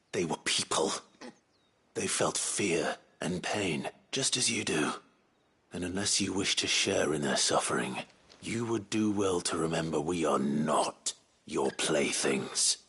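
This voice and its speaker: Brooding warrior hero, very deep, husky, gruff and restrained. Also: male voice, animated, unhurried, sharp tone, full character voice. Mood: stern. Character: grim, stern young man, a branded warrior. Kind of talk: video game voice acting.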